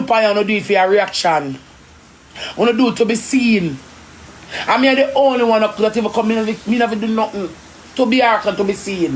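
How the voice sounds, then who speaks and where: A woman's voice: a little high, a little hiss or hum. Indignant Jamaican woman ranting. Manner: indignant, confrontational, rapid patois. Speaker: live-stream personality. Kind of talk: heated live-stream rant.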